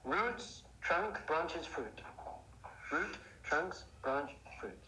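A man giving a lively Torah class, asking rhetorical questions and building up to excited outbursts. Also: a little high, extremely slow. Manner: animated, rhetorical questions, bursts into excited shouting. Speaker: Jewish teacher. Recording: echoey room, faint noise.

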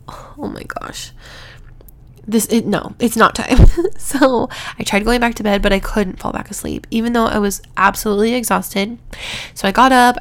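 A woman's voice: medium pitch, gravelly. A young woman telling a personal story to her viewers in a casual, rambling way, laughing between words, with a congested, stuffy voice. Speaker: vlogger.

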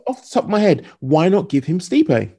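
A podcast co-host in casual sports chat, lively and encouraging, sometimes rushing ahead. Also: medium pitch, slightly rough.

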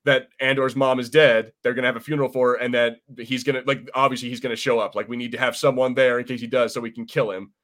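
A man's voice: medium pitch, flat delivery, fast, few pauses, fairly bright tone. A man co-hosting a podcast, chatting casually about a TV episode, rambling with lots of fillers and the odd swear word. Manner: rambling, many fillers and restarts, swears freely. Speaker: podcast co-host. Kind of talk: casual chat reviewing a TV episode.

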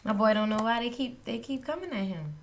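Lively, laughing woman podcaster. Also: fairly high pitch, brisk, slight background noise. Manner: laughs often, expressive. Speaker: podcast co-host. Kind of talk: casual chat.

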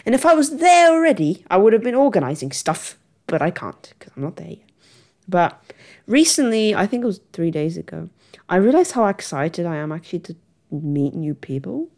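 Young girl chatting to camera, kinda low voice, laughs at herself a lot. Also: very animated, moderate pace, warm tone. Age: young adult. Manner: giggly, rambling and self-mocking. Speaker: vlogger. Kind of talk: casual chat to camera.

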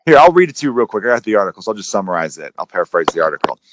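A man hosting a casual sports podcast, rambling and animated, with some swearing. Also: on the low side, racing, no echo. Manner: rambling, profane, animated retellings. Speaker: podcast host.

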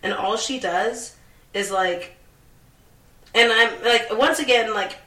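A woman's voice: fairly high pitch, slow, sharp tone, far from the mic. A young woman co-hosting a casual chat, ranting sarcastically and swearing a lot. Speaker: podcast co-host. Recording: echoey room, off mic.

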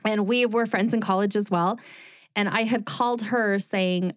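A woman's voice: mid-range voice, moderate pace, no room sound, studio quality. A middle-aged woman, a former news reporter and now a designer, telling her story as a guest in a casual interview, acting out quoted dialogue. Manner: animated retelling with quoted dialogue and laughs.

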